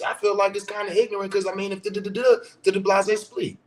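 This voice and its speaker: A man's voice: sits high, fairly quick, hardly any pauses. A man in a casual vlog rant, blunt and profane, asking rhetorical questions and repeating his points. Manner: blunt, profane, mocking voices of commenters. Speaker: social media commentator.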